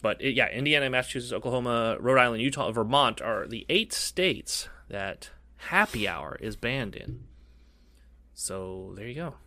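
A man's voice: mid-range voice, lively intonation, normal speed, sharp tone. A young man from Florida co-hosting a podcast, joking along in casual banter and reading out facts. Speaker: podcast co-host. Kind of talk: casual chat.

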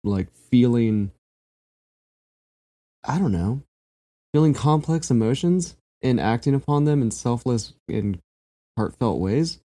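A man's voice: medium pitch, animated, slow pace, pauses often, warm tone. A man in a casual chat, musing reflectively and playfully, often searching for his words. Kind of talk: casual chat about mythology.

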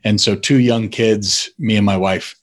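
A man's voice: fairly low pitch, steady tone, unhurried. A man, a father, telling an earnest personal story about his family.

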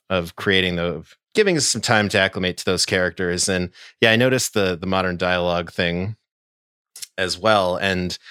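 A man co-hosting a podcast in casual chat, relaxed and rambling, often laughing. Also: low voice, clean tone, no room sound, clean studio sound. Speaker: podcast co-host.

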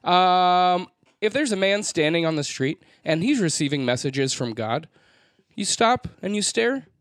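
A man co-hosts a comedy game, setting up absurd scenarios with a wry, playful touch. His voice runs a bit higher than most men's. The recording is dry and close. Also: lively intonation, unhurried, fairly bright tone, clean tone, no echo. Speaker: comedy podcast co-host. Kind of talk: hosting a comedy game segment.

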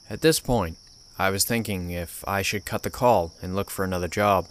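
Lowish male horror story narrator. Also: normal speed. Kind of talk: scripted narration.

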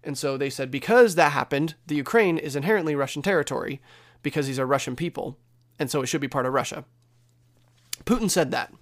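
A man's voice: fairly high pitch, expressive, brisk. A man from the United States giving an unscripted news update, talking it through conversationally with restarts and hedges. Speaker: commentator.

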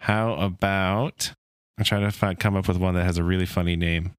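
A man's voice: deep voice, fairly even intonation, moderate pace, smooth, dry recording, clean studio sound. A man hosting a podcast, reading entries aloud in casual chat and laughing often. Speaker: podcast host.

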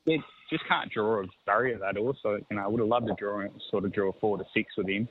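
A man, a horse trainer talking over the phone in a halting, easygoing way that repeats words. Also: fairly low pitch, slightly rough. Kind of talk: phone interview. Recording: tinny phone line with faint noise.

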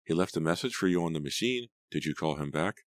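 A man reading an audiobook, voicing a middle-aged mother who asks soft, hesitant questions in a raised voice. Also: extremely low pitch, expressive, fast, dry recording, clean studio sound. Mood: prying. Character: gentle prying mother, middle-aged woman.

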